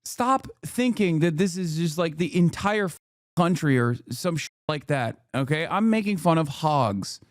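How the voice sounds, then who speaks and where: Guy streaming, mocking and cussing a lot, kinda high voice, dry sound. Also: expressive, measured pace, no echo. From United States. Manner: mocking, profane rants. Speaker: livestream host. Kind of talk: reacting to a video on stream.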